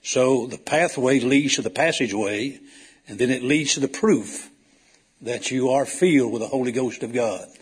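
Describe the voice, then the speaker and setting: A man's voice: mid-range voice, normal speed, husky. A man preaching a sermon to his congregation in a folksy, storytelling way that rises to emphatic calls.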